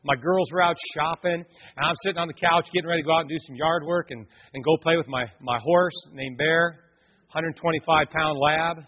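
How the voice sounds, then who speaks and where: A man's voice: a little high, brisk. A middle-aged man, a pastor, preaching a sermon and telling a personal story straight to his congregation. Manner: animated storytelling, addresses the congregation directly. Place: church sanctuary. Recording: long church reverb, dull muffled sound.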